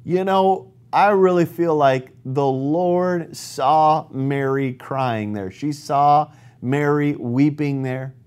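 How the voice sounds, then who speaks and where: Slow-talking, earnest male pastor preaching. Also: on the high side, darkish tone, clean tone. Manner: earnest, emphatic preaching with drawn-out words. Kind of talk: sermon with scripture reading.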